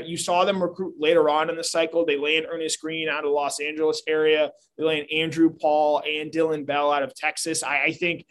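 A man's voice: on the high side, fairly bright tone. A man co-hosting a casual sports talk show, analytical and prone to restarting his sentences. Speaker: sports podcast co-host.

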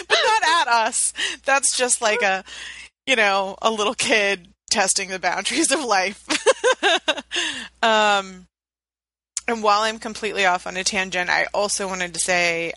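A bright, chatty woman in her thirties co-hosts a podcast with a casual, tangent-prone way of talking. Her voice is clear and forward, recorded dry and close, and she laughs easily as she talks. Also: mid-range voice, no echo. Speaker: podcast co-host. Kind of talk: casual chat.

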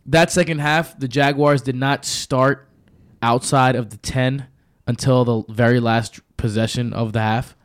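A man's voice: medium pitch, steady tone, unhurried, hardly any pauses. A man co-hosting a sports podcast, giving a confident, emphatic breakdown of a football game. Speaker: podcast co-host. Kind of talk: sports analysis monologue.

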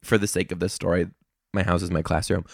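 A young man telling classroom stories as a comedic monologue, sassy and animated, bursting into high-pitched rants. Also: quick pace, creaky, no echo, clean studio sound.

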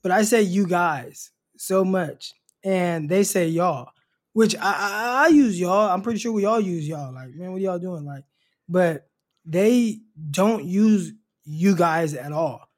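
A man's voice: high-pitched, takes it slowly. Stammering male co-host. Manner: stammering, repeats words, laid-back. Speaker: podcast co-host. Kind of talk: casual sports podcast chat.

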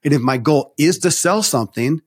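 A man hosts an interview show, musing out loud and often restarting his sentences as he reacts to his guest. His voice is slightly husky, recorded close with a dry sound. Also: fairly high pitch, expressive, brisk, no room sound. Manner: reflective, thinks aloud, restarts phrases. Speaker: podcast host. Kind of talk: conversational interview hosting.

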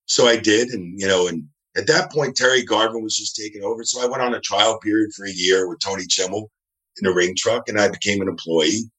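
A wrestling referee from New Jersey, appearing as a guest over a video call from his home, tells rambling anecdotes in a fairly low, slightly bright voice at a fairly quick pace. In this casual interview storytelling, he acts out the voices of the people he quotes.

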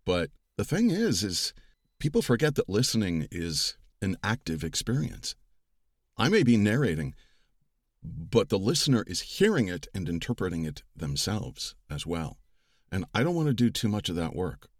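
Low, measured male narrator voice. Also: big pitch swings, no room sound, studio quality. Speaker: audiobook narrator. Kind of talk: reflective interview talk.

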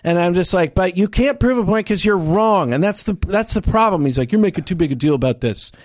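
A man's voice: sits high, animated, brisk, no echo, clean studio sound. A man telling a story in casual chat, acting out both sides of an argument with many restarts.

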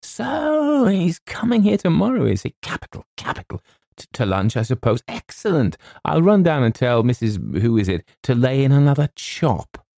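A man's voice: medium pitch, huge pitch swings, moderate pace, gravelly, warm tone, no room sound, studio quality, voice pushed up. A man voicing a put-upon young male writer, clipped and exasperated, given to blustering.

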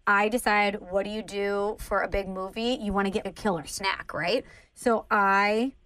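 A woman's voice: mid-range voice, normal speed, no echo, low-quality recording. Playful woman on a dry close mic. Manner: animated, playful teasing. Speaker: podcast co-host. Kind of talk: casual chat. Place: Saint Louis.

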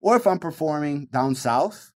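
A man with a Michigan accent, a stand-up comedian talking fast and animatedly in an interview, swinging his voice up and down to show his points. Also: on the high side, expressive. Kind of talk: casual interview talk.

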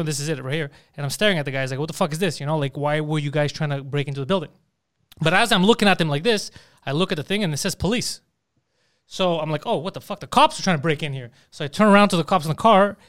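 A man telling a profane, animated story in casual chat. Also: on the high side, clear, resonant tone. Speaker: podcast host.

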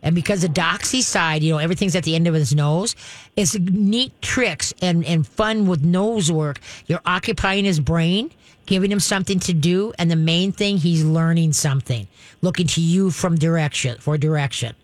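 A woman's voice: lowish voice, moderate pace, dry recording. Direct, chatty woman dog trainer. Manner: direct, instructive, chatty with laughs. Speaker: radio show dog trainer host. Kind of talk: advice call-in talk.

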